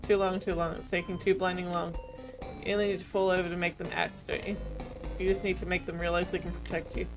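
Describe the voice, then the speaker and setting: A woman's voice: fairly low pitch, level tone, quick pace, music in the background. Woman streamer reading game text.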